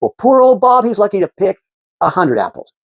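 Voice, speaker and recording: Rambling male civics explainer, husky and gravelly, talks fast. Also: high voice, sing-song, no room sound, muffled recording. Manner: rambling, many restarts and fillers. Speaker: civics commentator. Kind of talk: casual explanatory talk.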